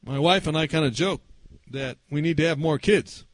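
A man, a pastor in middle age, tells stories from the pulpit at a camp meeting. His voice sits high for a man, and the sound is dry and close with little room in it. He preaches with lively energy and slips into the voices of the people in his stories. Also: moderate pace, dry recording. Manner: animated, acts out quoted voices. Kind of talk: storytelling sermon.

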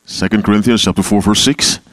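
A man's voice: lowish voice, steady tone, fairly quick, slight background noise. Man teaching a Bible class. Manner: calls on members to read, repeats key phrases.

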